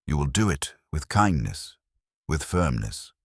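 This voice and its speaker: A man playing Hercule Poirot, formal and fastidious. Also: extremely low pitch, very animated, slightly rough, no echo, studio quality, heavily acted. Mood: measured formal. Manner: formal, courteous, measured. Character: male foreign detective, fastidious and formal.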